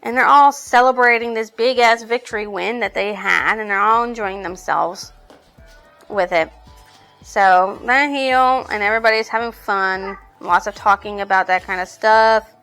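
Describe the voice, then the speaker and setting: A woman recapping a novel's plot in a bright, ringing voice, chatty and rambling with plenty of fillers and a casual curse or two. Faint music sits softly behind her. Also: medium pitch, moderate pace. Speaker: book reviewer.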